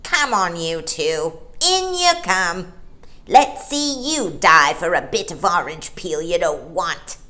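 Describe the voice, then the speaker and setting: A woman voicing a bitter, rude male seal, loud and sneering. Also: a little high, normal speed, pitched above the performer's own voice.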